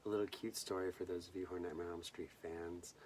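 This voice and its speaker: A young man from Southern California hosting a bedtime movie vlog, telling a personal story in a soft, hushed way that often drops to a whisper. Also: sits low, level tone, fast talker, distant mic, a little hiss or hum. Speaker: host.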